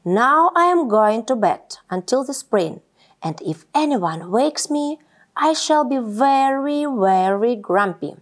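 A woman voicing a grumpy male badger in a storybook read-aloud, gruff and huffing. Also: on the high side, lively intonation, slow pace. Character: grumpy old male badger who hates being woken.

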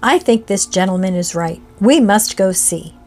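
A brusque, rattled lawyer snapping out questions, as a woman puts him on in a read-aloud ghost tale. Her voice sits at a middling pitch, with soft music under it. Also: lively intonation, moderate pace, natural voice. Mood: tense. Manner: sharp and agitated. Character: angry, excitable male lawyer.

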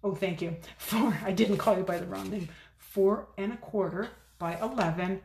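A middle-aged woman chats her way through a card-making demo, rambling and laughing at her own forgetfulness. Her voice sits at an ordinary pitch and rings a little in an echoey home craft room, with faint noise underneath. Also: gravelly, a little mellow. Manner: chatty, self-deprecating, fast-talking. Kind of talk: casual crafting tutorial chat.

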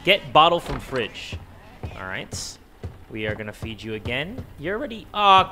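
A man's voice: mid-range voice, sing-song, moderate pace, sharp tone, a little hiss or hum. A man doing jokey let's play commentary, talking to the game characters and yelping at jump scares. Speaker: gaming video creator.

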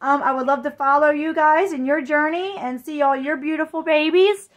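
High-pitched lady vlogger, gushy and rambly, all excited. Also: moderate pace. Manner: gushing, rambling, breathless with excitement. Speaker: reborn doll vlogger. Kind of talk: excited casual vlog chat.

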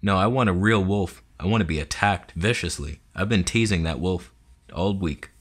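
A man's voice: sits low, normal speed, husky. A man playing a pompous, reckless male movie star who boasts about his films. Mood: boastful.

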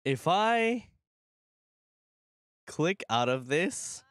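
A young man streaming a horror game, rambling nervously and breaking into panicked shouts. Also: a little high, very animated, extremely slow, no room sound, studio quality. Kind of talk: horror game livestream commentary.

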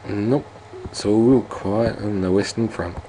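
Low-voiced man giving dry game commentary. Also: slow pace, warm tone, slight background noise. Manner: dry, joking asides. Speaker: let's play host. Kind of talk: let's play commentary.

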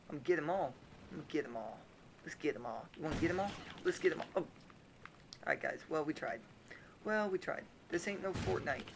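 A young man chats loosely through a shooter game, joking with his viewers in a slightly high voice. His tone has a gravelly crackle, and a steady noise hiss sits under the recording. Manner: playful, jokey, puts on silly voices. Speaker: gaming YouTuber. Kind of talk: casual let's-play commentary.

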